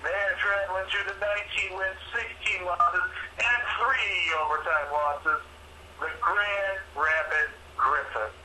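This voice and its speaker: A man's voice: high voice, measured pace, background noise. A man co-hosting a sports picks show in casual banter, joking and mock-indignant as he makes his picks.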